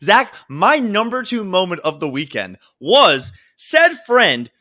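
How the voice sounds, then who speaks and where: A man with a bright, fairly high voice chats casually as a podcast co-host. His delivery swings up and down as he tells joking stories, often breaking into laughs. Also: big pitch swings, slow. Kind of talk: casual chat.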